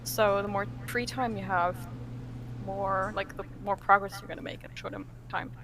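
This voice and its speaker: A young woman from Germany, a podcast guest in casual chat, animated, laughing often, full of fillers and restarts. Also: mid-range voice, fairly quick, background noise.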